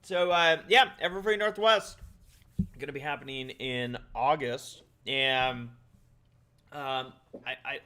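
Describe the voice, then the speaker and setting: A man's voice: mid-range voice, slow, pushed and bright, smooth. A man co-hosting a podcast in casual chat, rambling and laughing often. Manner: rambling, laughs often, eating while talking. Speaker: podcast co-host.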